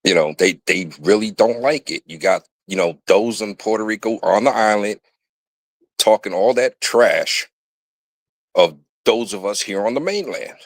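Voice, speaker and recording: A man's voice: lowish voice, unhurried, dry recording. A man on a casual panel chat, talking emphatically and leaning on filler phrases. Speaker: panel guest.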